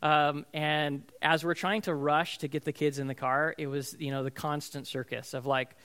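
A man's voice: on the high side, little pitch movement, normal speed, a bit bright, clear, resonant tone. A man in his thirties, a pastor, preaching in a conversational storytelling way and often asking his listeners "right?". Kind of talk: sermon.

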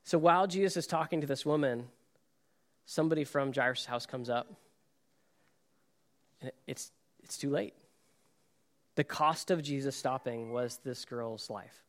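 A man giving a sermon as pastor, reading scripture and then speaking earnestly, dropping to soft, quiet phrases and building to emphatic points. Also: medium pitch, measured pace, pauses often.

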